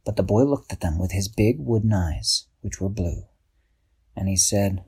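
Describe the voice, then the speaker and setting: A man narrating a children's story, expressive and slowing down for suspense. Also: sits low, breathy edge.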